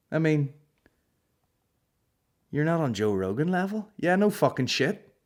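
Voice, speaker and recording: A young man hosting a comedy podcast, swearing and sarcastic as he tells a story. His pitch swings widely and he plays out voices. The tone stays casual and offhand. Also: sing-song, a little slow, pauses often.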